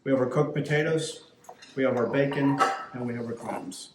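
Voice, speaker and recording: A man's voice: medium pitch, moderate pace, roomy sound, heavy background noise. A middle-aged man from Switzerland, cooking at home and explaining each step in an easy, instructive way. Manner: instructive, relaxed, gives cooking tips. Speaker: home cook host. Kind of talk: casual cooking chat. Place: home kitchen.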